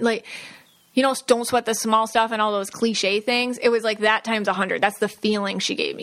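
A woman who's a psychic medium hosts her own solo podcast, talking casually in a fairly high, slightly bright voice at normal speed. She's chatty, full of fillers and acted-out quoted asides.

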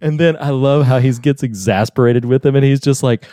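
A man co-hosting a casual movie podcast, animated, laughing often and acting out quotes. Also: medium pitch, a little fast, no room sound, clean studio sound. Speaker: podcast co-host. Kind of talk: casual movie review chat.

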